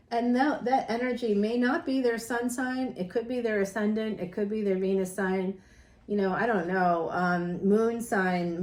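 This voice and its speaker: In an echoey room, a woman with a middle-pitched voice gives a relaxed, rambling tarot reading. She laughs often and repeatedly speaks straight to her viewers.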